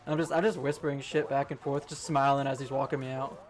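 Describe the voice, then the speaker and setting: A man's voice: medium pitch, steady tone, fast talker, faint music behind. A young man streaming a game, telling a rambling work story casually, swearing and laughing often. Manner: rambling, profane, laughs a lot. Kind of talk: casual storytelling while gaming.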